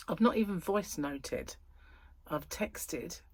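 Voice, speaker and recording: A woman vlogging from home in a casual, rambling chat, her voice a little croaky and tired. She sits on the lower side for a woman, and the sound is close and dry with no room echo. She drifts between thoughts and corrects herself mid-sentence. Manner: rambling, chatty, self-interrupting. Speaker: crochet vlogger. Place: at home, indoors.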